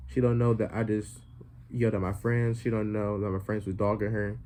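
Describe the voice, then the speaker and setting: A young man telling a comedic story to his viewers in a rambling way, full of fillers and deadpan jokes. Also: fairly low pitch, brisk, slight background noise. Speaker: vlogger.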